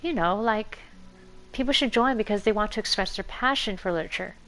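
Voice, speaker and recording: A woman's voice: mid-range voice, a little fast, fairly bright tone, faint music behind, natural voice. Uneasy teen club president, as a woman reads her. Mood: troubled. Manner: earnest, uneasy and hesitant. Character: anxious teenage girl club president.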